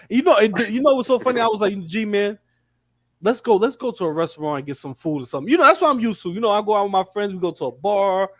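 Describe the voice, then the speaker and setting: Animated high-voiced man telling a story. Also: no room sound, studio quality. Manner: animated storytelling, acts out quotes. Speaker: guest storyteller. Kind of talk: casual chat.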